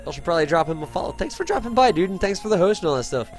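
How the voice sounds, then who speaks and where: A man's voice: high voice, big pitch swings, racing, faint music behind. A man streaming a space game live, explaining his moves in an upbeat, chatty way and thanking viewers from the chat. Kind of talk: live gameplay commentary, reading chat.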